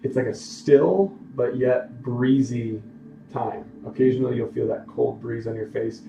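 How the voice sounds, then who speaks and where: Gravelly-voiced man narrating as game master. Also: mid-range voice, fairly even intonation, warm tone, lo-fi sound, a little hiss or hum. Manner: unhurried descriptive narration, calling for dice checks. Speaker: dungeon master. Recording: roomy sound from a distant mic.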